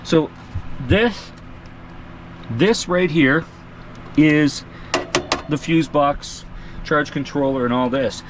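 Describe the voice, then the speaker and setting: Speaking extremely slowly with long pauses, this RV vlogger has a fairly high voice and a noisy background. He walks viewers through his motorhome from inside, chatty, self-mocking and often laughing, in a casual vlog.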